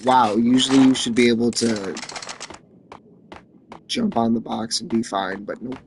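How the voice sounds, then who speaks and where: A man streaming a game, rambling and joking in casual chat and often trailing off quietly. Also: medium pitch, steady tone, unhurried, noisy background.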